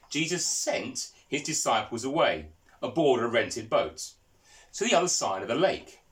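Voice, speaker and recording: A preacher with a slightly high, fairly bright voice tells stories during his sermon and keeps asking the congregation questions.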